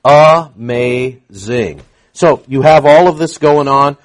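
A man's voice: mid-range voice, takes it slowly. A man preaching an expository sermon, reading verses aloud and acting out the dialogue with frequent fillers. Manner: animated, acts out scripture dialogue, frequent fillers.

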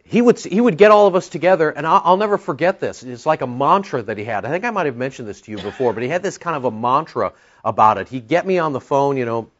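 A man's voice: mid-range voice, fast talker. A male pastor preaching a sermon, telling stories with rambling asides, in a dull lo-fi recording. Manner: animated storytelling, rambling with asides.

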